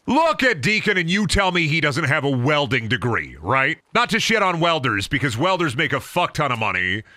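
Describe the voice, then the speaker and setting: A young man streaming a game, talking in a loose, profane, joking ramble. His voice is bright and a little tense, and his pitch swings about a lot as he jokes along. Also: sing-song, normal speed, dry recording, studio quality. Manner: profane, riffing, mocking. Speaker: streamer playing a video game. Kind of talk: casual gaming commentary.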